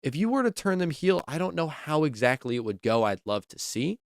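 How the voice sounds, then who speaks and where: A man's voice: on the high side, very animated, fairly quick, no room sound, clean studio sound. A man hosting a wrestling podcast, giving casual, enthusiastic opinion commentary, repeating himself and saying "like" a lot.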